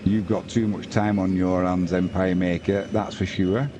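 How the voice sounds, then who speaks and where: A man's voice: sits low, flat delivery, normal speed, noisy background. A man hosting a live football watch-along, commentating and chatting casually with viewers. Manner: chatty, talks to viewers and reads out chat messages.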